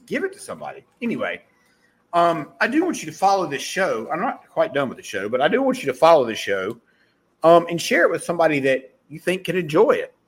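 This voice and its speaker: A middle-aged man with a softened Southern US accent, hosting a podcast and giving a blunt, profane motivational pep talk that he keeps correcting mid-sentence. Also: a little high, husky. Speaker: podcast host. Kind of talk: casual motivational monologue.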